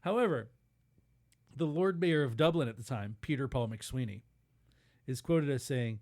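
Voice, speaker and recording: A man's voice: mid-range voice, moderate pace, long pauses. A man co-hosting a comedy podcast, telling a history story in a casual, laughing way with goofy voices. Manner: animated, laughing, puts on silly voices. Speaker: podcast co-host.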